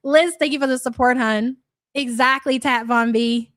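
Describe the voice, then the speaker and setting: A woman's voice: high-pitched, steady tone, normal speed, a bit bright, no echo, clean studio sound. A young woman hosting a live reaction stream, blunt, sarcastic and profane as she comments and greets viewers. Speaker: streamer host.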